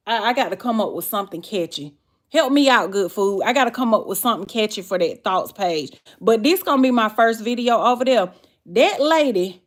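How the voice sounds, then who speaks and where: Chatty Southern woman streaming live. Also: mid-range voice. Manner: chatty, reads and answers viewers' comments. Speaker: livestream host. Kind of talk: casual livestream chat.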